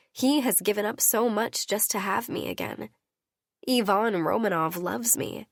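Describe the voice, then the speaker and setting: A woman narrating a romance audiobook in the first person, her reading intimate and unhurried. Her voice sits mid-range, recorded close and dry. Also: mid-range voice, no room sound.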